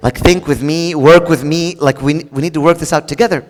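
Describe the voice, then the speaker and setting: Fairly quick and on the high side, with fairly even intonation, a preacher talks directly to the congregation in a joking, conversational sermon with casual fillers and restarts. Long reverb from a large hall colors the sound.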